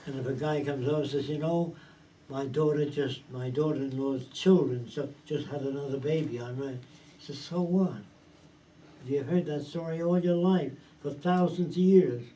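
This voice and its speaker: A man's voice: a little high, steady tone, normal speed, warm tone. A man giving an informal talk to a small group. He speaks in a blunt, profane, emphatic way and keeps asking whether his listeners understand. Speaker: lecturer. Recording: distant mic with faint background hiss.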